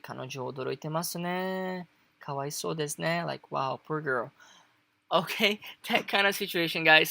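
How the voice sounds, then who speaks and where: A woman's voice: low voice, gravelly, sharp tone, no room sound. A woman teaching Japanese in a casual online lesson, chatty and loose, with lots of fillers and frequent laughs.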